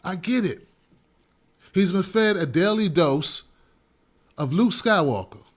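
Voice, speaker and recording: A man's voice: high voice, expressive, slow pace. A man hosting his own show, delivering an emphatic, repetitive opinion monologue with a ranting edge. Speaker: show host.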